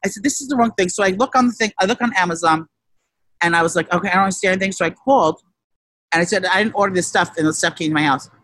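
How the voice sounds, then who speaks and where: A casual, profane storyteller who rambles with many restarts and shouted quotes. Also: male voice, sits high, racing, dry recording. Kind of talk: casual chat.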